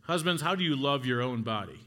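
A man's voice: mid-range voice, lively intonation, a little fast, a bit bright. A middle-aged man preaching an earnest sermon to husbands, urging them on with rising exhortations. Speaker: pastor.

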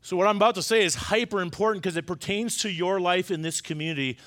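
Middle-aged man, pastor preaching, fairly high voice, urgent peaks and hushed asides. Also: fast talker. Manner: emphatic, swings between loud urgent stresses and quiet confiding asides. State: choked up. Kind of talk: sermon.

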